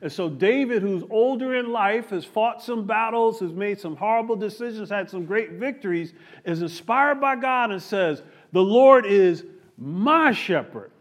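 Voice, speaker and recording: A man preaching a sermon, with animated rising and falling emphasis. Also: high voice, moderate pace, few pauses. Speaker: pastor.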